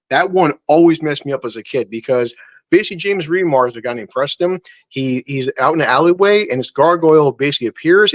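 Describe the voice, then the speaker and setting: A man in casual podcast chat who swears freely and acts out scenes while retelling a story. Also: medium pitch.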